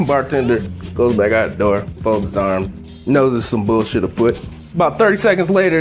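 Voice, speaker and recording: A man at his home stove runs a casual cooking demo in a laid-back, profane way, wandering off into a joke as he goes. His pitch jumps around a great deal. Music plays clearly behind him. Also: lively intonation, moderate pace. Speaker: cooking show host.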